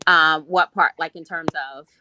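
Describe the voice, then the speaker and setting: A woman's voice: low voice, flat delivery, moderate pace, bright, forceful tone, a little hiss or hum, poor audio. A woman in her thirties, a podcast guest, telling a personal story in a heartfelt, reflective way. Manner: heartfelt, reflective, speaks in long flowing runs. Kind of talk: personal testimony in a podcast interview.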